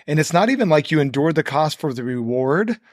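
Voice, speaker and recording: A man's voice: fairly high pitch, lively intonation, brisk, darkish tone, no echo, clean studio sound. A man speaking as a guest on a podcast, talking in earnest, preachy run-on phrases. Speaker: guest, nonprofit co-founder. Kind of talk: conversational podcast interview.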